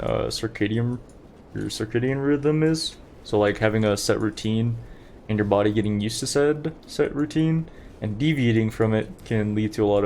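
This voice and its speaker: Low-voiced young man streaming a game. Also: darkish tone, slight background noise. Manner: chatty, rambling, talks to chat while playing. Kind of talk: casual gameplay commentary.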